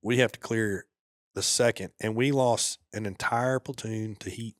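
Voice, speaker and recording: A man with a fairly low voice recounts his time in combat as a podcast guest. He talks casually and laid-back, sinking into a hushed murmur at the grim moments. The recording is dry and close. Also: fairly even intonation, a little slow, dry recording. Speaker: podcast guest, former soldier. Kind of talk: casual war storytelling.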